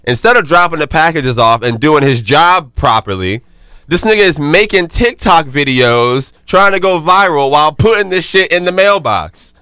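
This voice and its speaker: Bright, crisp young man hosting a podcast. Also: on the high side, moderate pace, no echo. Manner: animated storyteller, profane and joking. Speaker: podcast host. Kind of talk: casual podcast banter.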